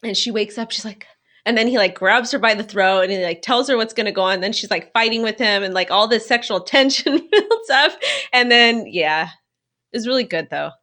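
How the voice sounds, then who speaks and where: A woman co-hosts a casual podcast chat, spinning a story with a playful, chatty flow full of "like." Her voice sounds bright and crisp. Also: fairly high pitch, expressive, moderate pace. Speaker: podcast co-host.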